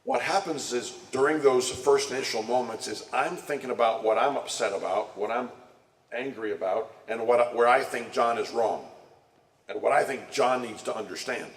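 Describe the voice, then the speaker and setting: A man's voice: mid-range voice, normal speed, distant mic. Man teaching a congregation, echoey room. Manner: conversational, repeats words and restarts, asks the audience questions. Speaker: church speaker. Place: church meeting room. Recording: echoey room recorded from afar.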